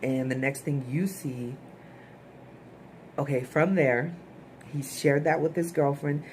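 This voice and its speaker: Woman, low voice, casual blunt TV recap, chatty and opinionated. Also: steady tone, slow pace, a little mellow, a little hiss or hum. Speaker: TV episode reviewer.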